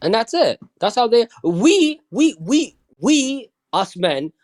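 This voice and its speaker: A man's voice: very high voice, big pitch swings, slow. A man from London, a podcast guest in casual chat, talking bluntly with plenty of swearing and often asking if you understand.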